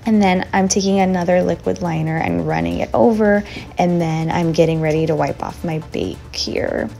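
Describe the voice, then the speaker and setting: A young woman talking through a makeup tutorial in a chatty, relaxed, slightly slow and sleepy voiceover recorded as a voice memo. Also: on the low side, creaky, faint music behind. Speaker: beauty vlogger.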